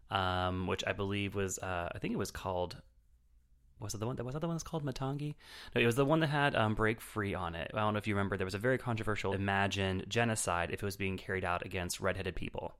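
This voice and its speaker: A man's voice: deep voice, fairly bright tone, clean tone. A man reviewing films on a podcast in casual chat, rambling with lots of fillers and restarts.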